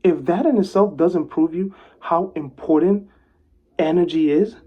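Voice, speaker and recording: Man swinging between loud and hushed. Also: a little high, a little slow, slightly rough, muffled recording. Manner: swings from loud and animated to soft, hushed calm; moves toward and away from the camera while talking. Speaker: vlogger giving advice. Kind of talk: motivational talk to camera. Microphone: camera mic, speaker moving closer and farther.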